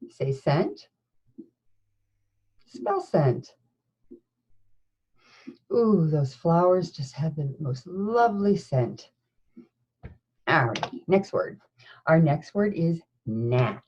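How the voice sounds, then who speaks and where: A woman teacher leading a slow, encouraging phonics lesson, sounding out words letter by letter. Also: lowish voice, a little mellow, dull audio. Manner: encouraging, with praise and questions. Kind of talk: recorded classroom phonics lesson.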